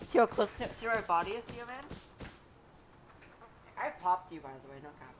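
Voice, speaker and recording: A woman chatting casually while gaming with friends, given to whiny protests and sudden yells. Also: medium pitch, expressive, normal speed, a little hiss or hum. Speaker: gamer streaming with friends.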